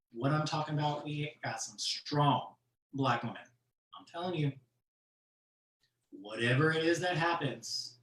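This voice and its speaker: A comedian telling stories on a virtual show, in an animated way with frequent laughs. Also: mid-range voice, unhurried, long pauses, far from the mic. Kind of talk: stand-up storytelling on a virtual show. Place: room at home for a virtual show. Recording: echoey room, off-mic.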